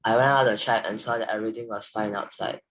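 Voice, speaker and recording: A male student reading a text aloud in a halting, even way during an online lesson over a video call. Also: on the low side, slight background noise, low-quality recording.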